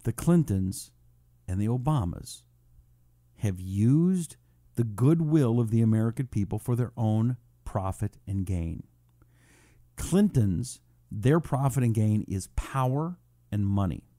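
Combative talk radio host, lively pitch. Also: male voice, slow, no room sound, studio quality. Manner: combative, sarcastic, mocks critics in high put-on voices. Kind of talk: political talk radio monologue.

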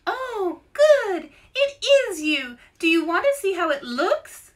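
A woman's voice: very high voice, big pitch swings, slow pace, pitched above the performer's own voice, heavily acted. A woman voicing a cheerful, fussy mother bird. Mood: chirpy.

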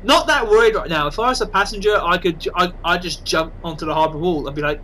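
A man chatting over his own gameplay, excitable one moment and self-mocking the next. His voice is high and bright. A light hiss of noise sits underneath. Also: quick pace, hardly any pauses, low-quality recording. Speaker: gaming channel host. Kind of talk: casual game commentary.

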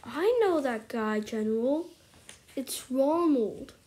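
A woman giving excitable commentary on her gameplay, exclaiming and at times whispering to her viewers. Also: high voice, slow. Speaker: gameplay streamer.

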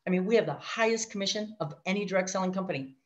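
Animated woman telling her story, lo-fi. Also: mid-range voice, rapid-fire. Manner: animated storyteller, mimics voices, asides to the audience. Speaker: guest sharing her story. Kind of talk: personal testimony talk. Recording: dull lo-fi audio.

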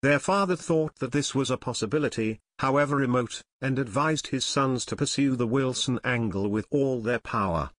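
A man reads a novel aloud in a steady, measured narrator's voice. His pitch is middling, and the close mic leaves the sound dry, with no room echo. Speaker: audiobook narrator. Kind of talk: unabridged audiobook narration.

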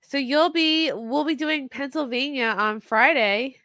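A woman co-hosting a casual podcast chats playfully and teases the others. Her voice is bright and fairly high. The recording is dry and close. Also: a little slow, no echo. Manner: playful, teasing. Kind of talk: casual chat.

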